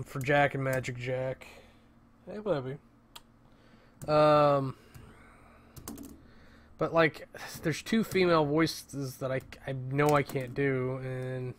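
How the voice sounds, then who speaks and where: A man's voice: mid-range voice, slight background noise. A man rambling casually at home in a vlog, interrupting himself and swearing often. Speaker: vlogger.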